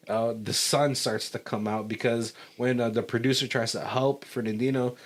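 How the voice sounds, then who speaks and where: A man's voice: medium pitch, fairly even intonation, normal speed. A man co-hosting a casual movie commentary podcast, rambling through a plot recap, often searching for words and laughing between thoughts. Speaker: podcast co-host.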